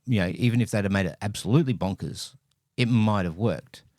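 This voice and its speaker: A man's voice: fairly low pitch, fairly quick, darkish tone, no room sound, clean studio sound. A man co-hosting a podcast, chatting casually about a bad movie in a wry, rambling way that keeps correcting itself. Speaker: podcast co-host. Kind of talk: casual movie review chat.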